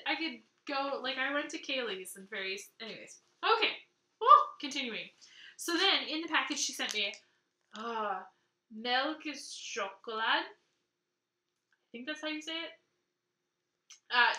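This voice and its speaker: A woman from Canada hosting a knitting video podcast, chatting excitedly to camera and gushing over gifts she received. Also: high voice, roomy sound. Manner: excitable, gushing, laughs often. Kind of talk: casual chat to camera.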